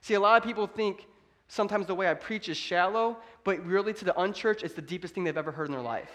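A pastor delivers his sermon in a high, light male voice. He preaches emphatically but keeps it conversational, like he is talking straight to his congregation. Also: quick pace, a bit bright. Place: church.

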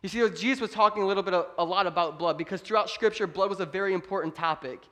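A pastor gives his sermon in church, his voice high, light and sharp, the words coming rapid-fire. He's emphatic but stays conversational, addressing his congregation as if face to face.

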